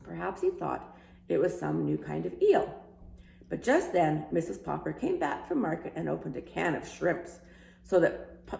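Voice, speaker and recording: A woman's voice: low-pitched, vocal fry, warm tone. A woman reading a children's book aloud, giving each character a voice, in an echoey room with a faint hum. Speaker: storyteller.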